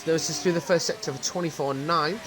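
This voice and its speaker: A man doing live play-by-play commentary on a sim race, brisk and quick to laugh. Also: fairly high pitch, steady tone. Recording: loud noise under the voice.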